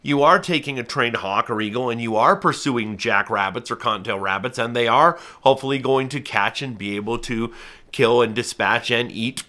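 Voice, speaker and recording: Bright-voiced man explaining earnestly. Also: mid-range voice, normal speed. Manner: earnest, cautious explaining with everyday examples. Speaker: falconer and channel host. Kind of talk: casual educational talk to camera.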